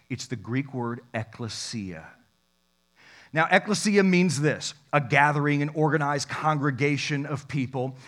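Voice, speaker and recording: A pastor preaching a lively sermon, mixing scripture reading with jokes, swinging between loud and soft. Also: male voice, mid-range voice. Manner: animated, jokey preaching with sudden loud and soft turns.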